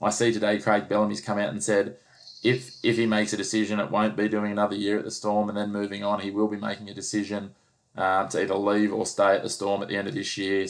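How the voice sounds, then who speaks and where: A low-voiced man talks sport in a quick, fairly flat run of words. He is blunt and teasing, pressing his co-host to pick a side. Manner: blunt, teasing, pushes for answers. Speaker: podcast host. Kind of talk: casual sports chat.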